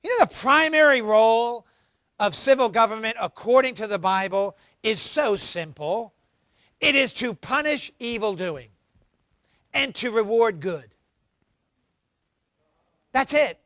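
A man preaching a sermon as pastor, emphatic, swinging between loud emphasis and quiet asides. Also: very high voice, expressive, a little slow, long pauses, no echo, clean studio sound. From United States.

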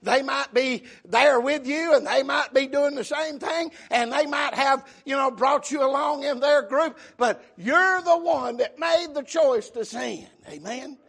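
A man preaching a sermon, emphatic, calling out amen and shouting at the peaks. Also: very high voice, unhurried, gravelly, few pauses. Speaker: pastor.

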